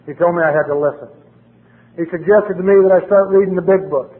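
A man's voice: high voice, quick pace. A middle-aged man with a blunt, plain-spoken manner, sharing his recovery story at a meeting. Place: meeting hall. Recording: tinny lo-fi recording in a reverberant hall.

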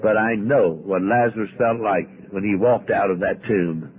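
An older man, an abbot, telling stories to an audience at a recovery meeting with lively, dramatic delivery. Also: lowish voice, moderate pace. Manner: animated, dramatic storytelling with wide swings. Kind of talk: storytelling talk to an audience. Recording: tinny lo-fi archive tape with faint hiss.

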